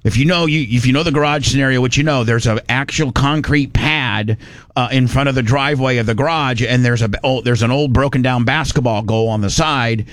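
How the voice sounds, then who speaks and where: A man's voice: medium pitch, a little fast, no room sound. A man from Indiana telling a rambling, folksy story in casual chat, slipping into voices for the people he quotes.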